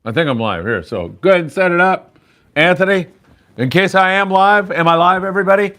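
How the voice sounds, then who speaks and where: A man's voice: high-pitched, animated, a little fast, sharp tone. Chatty man hosting a live fishing report. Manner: chatty, upbeat, rambling with fillers. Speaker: fishing show host. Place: sportfishing landing.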